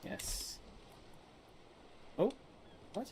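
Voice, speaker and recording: A man's voice: very slow, darkish tone, a little hiss or hum, rough recording. A man casually commenting on his strategy game, muttering the text on screen half to himself and breaking into baffled outbursts. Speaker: gameplay streamer. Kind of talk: casual let's-play commentary.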